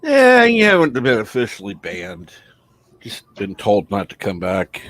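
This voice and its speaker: Man, livestream host, dry wry humor, lively up-and-down delivery, close and dry sound. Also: on the low side, measured pace, dry recording. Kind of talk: casual chat.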